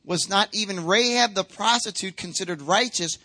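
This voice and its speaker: A man's voice: high voice, normal speed, sharp tone. A man preaching a sermon as a pastor, conversational and emphatic, acting out quotes as he goes.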